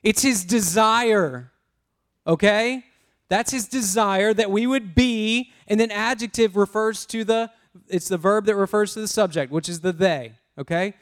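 Man preaching, high voice, smooth and clear, energetic call-and-response. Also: measured pace. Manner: casual, self-interrupting. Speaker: pastor. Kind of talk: sermon.

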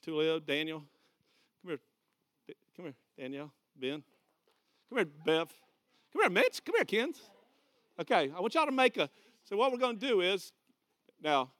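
In a church hall, a Southern American pastor gives a homespun, conversational sermon built around a live demonstration, guiding volunteers and returning to key phrases. He speaks a little high, with a fairly bright tone.

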